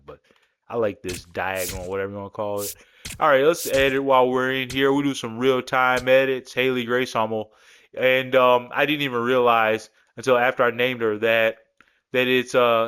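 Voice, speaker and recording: A man's voice: mid-range voice, fairly bright tone, a little hiss or hum. A man giving casual, rambling commentary as a gaming creator, talking through his game creations in a laid-back, joking way. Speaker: gaming YouTuber.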